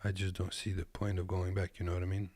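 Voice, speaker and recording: A man's voice: sits low, completely flat delivery, fast talker, a little mellow, husky, no echo. A man from Kazakhstan who drives trucks, giving laid-back, joking reaction commentary from his desk. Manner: laid-back, joking, talks to viewers as "boys".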